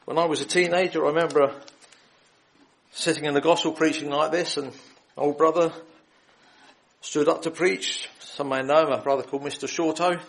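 A man's voice: fairly high pitch, fairly even intonation, normal speed, creaky. A man preaching the gospel in a hall, reading scripture aloud and then appealing earnestly and directly to his listeners. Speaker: lay preacher.

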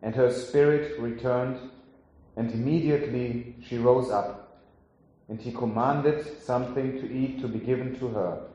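A man preaching, reading scripture aloud and then giving a sermon in a slow, solemn way. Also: medium pitch, fairly even intonation, mellow, dull audio. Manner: slow, solemn delivery with drawn-out phrases. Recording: very echoey hall.

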